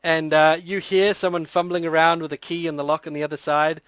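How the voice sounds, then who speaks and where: A man's voice: fairly high pitch, level tone, brisk, a bit bright, clear, resonant tone, no room sound. A man narrating as game master in a chatty, descriptive way. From New Zealand. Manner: chatty, laughing often, descriptive.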